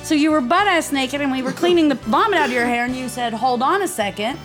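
A young woman from Tennessee tells a rowdy story in an interview, her voice set high. She swears freely and acts out every quoted voice with animation. Music plays clearly underneath her. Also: expressive, fast talker, a bit bright. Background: background music.

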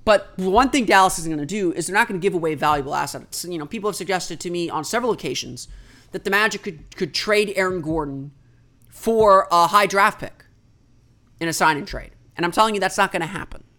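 A basketball analyst talking alone to the audience at a middling pitch. The delivery is explanatory and conversational, thinking aloud through trade scenarios and landing firmly on each opinion. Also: a little fast, bright, forceful tone. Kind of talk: solo sports commentary.

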